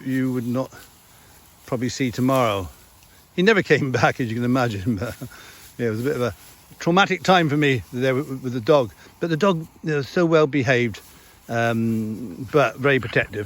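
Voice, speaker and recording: A man who farms, chatting casually outdoors in a field with his dog as he remembers the dogs he has had, laughing often. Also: medium pitch. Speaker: farmer vlogger. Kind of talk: casual chat.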